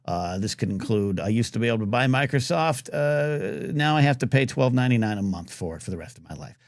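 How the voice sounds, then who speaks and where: A man's voice: medium pitch, expressive, brisk, no echo, studio quality. A man hosting a casual live talk radio show, rambling and reading out chat comments. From United States.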